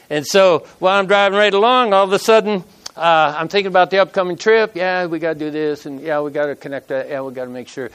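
A man's voice: high voice, fairly bright tone, clear, resonant tone. A middle-aged man preaching a sermon, telling a personal story with emotion and reading scripture aloud in an earnest way.

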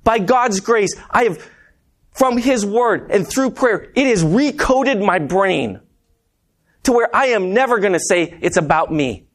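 A man's voice: high-pitched, lively intonation, measured pace. Man preaching a chatty sermon. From Montana. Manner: conversational, anecdotal, addresses congregation as guys. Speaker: preacher and math teacher.

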